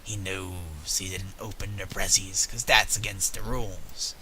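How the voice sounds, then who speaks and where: A man voicing a gruff little male snow imp in a video game, with slangy, ungrammatical speech and a breathy, half-whispered delivery. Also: sits low, measured pace, pushed and bright, a little hiss or hum, voice pushed down, exaggerated voice, low-quality recording. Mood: grumbling. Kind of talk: game dialogue read aloud in character.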